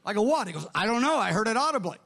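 A man's voice: high-pitched, rapid-fire, gravelly. A middle-aged man, a pastor, telling stories in a sermon and acting out conversations with others. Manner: animated anecdotes, quoting others in dialogue. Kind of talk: sermon storytelling.

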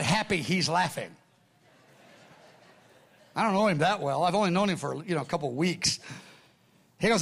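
A man preaching as a pastor, telling a story and acting out the voices of the people in it, his volume swinging from hushed to loud. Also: fairly high pitch, lively intonation, moderate pace, long pauses, breathy edge. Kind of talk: sermon storytelling.

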